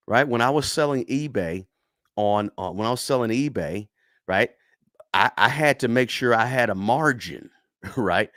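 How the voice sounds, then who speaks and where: A man's voice: medium pitch, moderate pace, a bit bright, dry recording, studio quality. A man hosting a finance livestream, talking casually, reading the chat and often checking in with "right?". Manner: conversational, tags lines with "right?", many restarts. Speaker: finance channel host.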